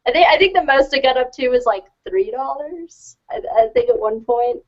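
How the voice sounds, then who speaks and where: A woman's voice: sits high, expressive, moderate pace. A woman hosting a casual chat show over a video call, friendly and eager. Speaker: podcast host. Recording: dull lo-fi video call audio.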